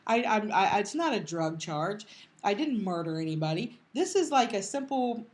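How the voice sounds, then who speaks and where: Middle-aged woman co-host, emotional storyteller, halting, restarts, quotes others in passing. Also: medium pitch, very animated. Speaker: podcast co-host. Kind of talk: casual storytelling.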